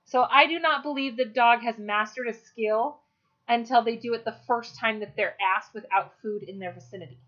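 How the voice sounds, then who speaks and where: A fairly high-voiced woman talks through a dog-training lesson in a practical, chatty way, with fillers here and there. The recording sounds dull and lo-fi. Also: normal speed, fairly bright tone. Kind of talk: instructional talk.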